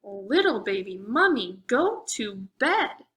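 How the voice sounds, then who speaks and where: A woman's voice: mid-range voice, big pitch swings, slow pace, fairly bright tone. A woman voicing a gooey male swamp monster in a storybook, bossily telling a little one to go to bed. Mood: stern.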